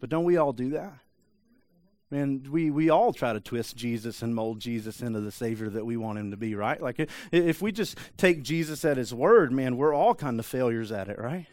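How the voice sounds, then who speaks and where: A male preacher delivering a sermon in a loose, conversational way, full of asides and quick check-ins with the listeners. His voice sits at an ordinary middle pitch. The sound is dry and close. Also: lively intonation, darkish tone, dry recording. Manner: conversational, frequent "man" and "right?" asides. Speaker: pastor.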